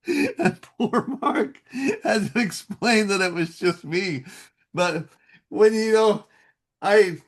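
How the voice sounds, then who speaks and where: Animated man telling studio stories. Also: a little high. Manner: animated, laughs often while telling anecdotes. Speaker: guest voice actor. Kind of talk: casual interview storytelling.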